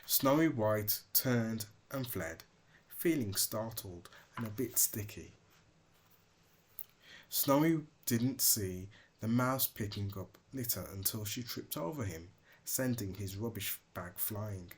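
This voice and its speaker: A man narrating a children's picture book aloud with expressive, dramatic storytelling. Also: on the low side, slow pace. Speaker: father reading aloud.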